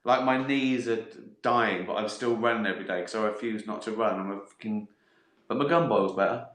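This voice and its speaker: Middle-aged male live-stream host, bright forceful voice, sweary and giggly, roomy echo. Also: fairly low pitch, brisk. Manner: sweary, laughs often, acts out voices in asides. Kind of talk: casual live-stream chat reading viewer questions. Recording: echoey room.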